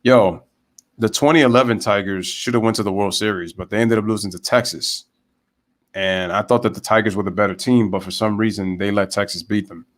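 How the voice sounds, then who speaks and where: Ranting man calling a game. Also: fairly low pitch. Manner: animated, ranting, chatty with viewers. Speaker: live baseball commentator and streamer. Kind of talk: casual live play-by-play with rants.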